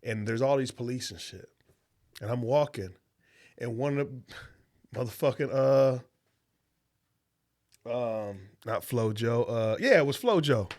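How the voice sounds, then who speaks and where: Animated young man telling a story. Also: medium pitch, a little slow, long pauses. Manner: animated, swears freely, acts out quoted voices. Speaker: podcast co-host. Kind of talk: casual storytelling chat.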